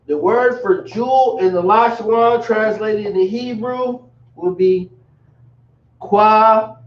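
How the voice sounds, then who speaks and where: A man's voice: high-pitched, a little slow, roomy sound, muffled recording. A man teaching a language class in a casual, repetitive way, calling his students y'all, recorded from a distant mic in a room.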